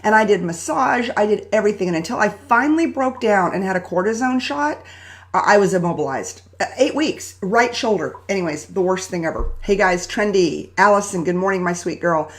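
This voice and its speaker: A woman's voice: mid-range voice, fairly quick. Chatty woman host telling a story. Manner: chatty, animated storytelling, greets viewers by name. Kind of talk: live-stream motivational talk.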